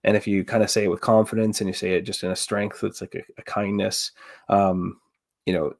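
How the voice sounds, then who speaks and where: Man, very deep voice, husky, calm advising tone, casual podcast chat, dry close sound. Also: brisk, no echo. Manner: calm and advising, steady reassurance.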